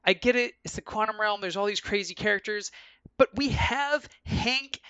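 A man's voice: sits high, moderate pace, sharp tone, clear, resonant tone, dry recording, highs cut off. A man co-hosting a casual movie review chat, earnest and stammering through restarts.

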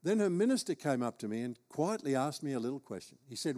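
A man's voice: medium pitch, very animated, fast talker, a little mellow. A man with an Australian accent, preaching as he tells a humorous, self-deprecating personal story. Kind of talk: storytelling sermon.

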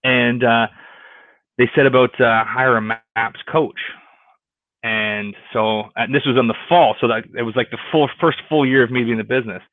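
A man's voice: medium pitch, fairly even intonation, normal speed, no room sound. A man telling a long career story in a casual interview, rambling with restarts and acting out quoted dialogue. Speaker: real estate agent. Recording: tinny phone-like line, dry.

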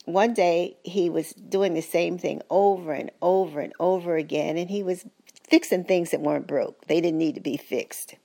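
An older woman giving earnest, gentle, faith-filled advice as the caregiver of her husband, in a personal testimony. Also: on the low side, steady tone, moderate pace, vocal fry.

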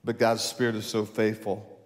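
A male pastor preaching a sermon, rising loud and high to stress a point, then dropping low and slow. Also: level tone. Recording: long hall reverb.

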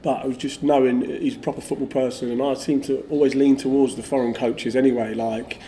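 A middle-aged man, a former footballer, telling stories in a casual, animated way with lots of fillers. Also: medium pitch, a little fast. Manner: animated, lively storyteller, many fillers like "like". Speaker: former footballer, podcast guest. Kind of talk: casual anecdotal storytelling.

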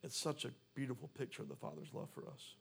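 A man's voice: medium pitch, very animated, quick pace, gravelly, fairly bright tone, slightly rough. A man preaching a sermon, reading scripture aloud and then pressing his point with rising intensity. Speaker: pastor.

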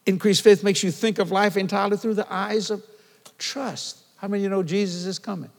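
An older man delivers an animated sermon in a husky, somewhat high voice. He tells stories and keeps checking in with the congregation, and his words ring out with a long reverb from the church hall. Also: brisk. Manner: animated storytelling, calls and responses with the congregation. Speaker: preacher.

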